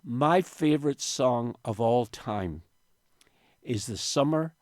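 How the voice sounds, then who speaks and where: An older man recounts his past in a radio studio interview. He speaks with feeling, at times tearful, in a mid-pitched voice. The studio sound is close and dry. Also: expressive, slow, darkish tone, no room sound. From Northern Ireland. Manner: emotional storytelling, tearful at times. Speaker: interview guest. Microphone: studio microphone.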